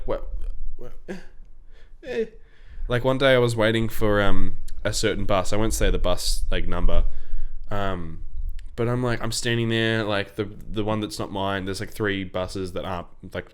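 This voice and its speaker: A man, co-hosting a casual podcast and telling rambling, animated stories. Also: on the low side, clear, resonant tone. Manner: rambling storyteller, animated when annoyed. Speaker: podcast co-host. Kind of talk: casual chat.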